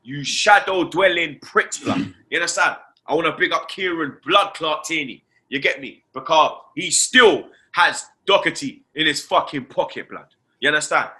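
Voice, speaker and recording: A man hosting a casual football fan show, ranting in an animated, slangy way, swearing and firing off "you understand" and "blood.". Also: on the high side, normal speed. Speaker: host.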